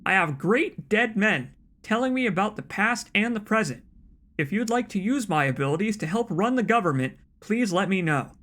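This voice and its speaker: A man's voice: sits high, lively intonation, moderate pace, fairly bright tone, voice pushed up. A man doing a solemn eccentric letter-writer. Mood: earnest. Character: earnest eccentric man hearing spirit guides.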